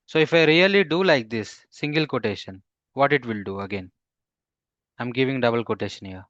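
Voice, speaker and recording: Halting male coding instructor, lo-fi. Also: medium pitch, expressive, a bit bright, no room sound. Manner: halting, with frequent fillers and restarts; quizzes the class with questions. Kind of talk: live coding class.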